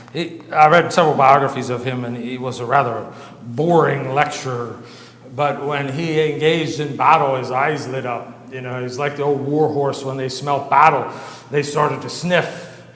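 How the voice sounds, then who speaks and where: A man's voice: medium pitch, fairly bright tone. A man giving an informal church lecture from an outline, talking conversationally with fillers and asides and often checking in with "okay?". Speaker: lecturer at a church Bible institute. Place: church hall. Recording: roomy hall echo, faint noise.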